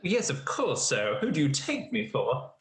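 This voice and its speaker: A man's voice: mid-range voice, huge pitch swings, normal speed. A man voicing a haughty upper-class woman traveller in a tabletop horror game, speaking in a posh, condescending way. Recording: echoey room.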